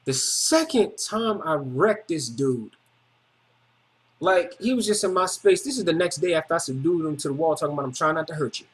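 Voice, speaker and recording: Emphatic high-pitched man, casual slang-heavy testimony, repeats himself. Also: lively intonation, normal speed. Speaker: video testimony speaker.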